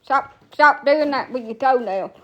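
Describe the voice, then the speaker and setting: On a muffled recording, an Alabama woman who tells stories on TikTok rants in an unhurried, high-sitting voice. Her casual storytelling is profane, blunt, and wanders all over the place.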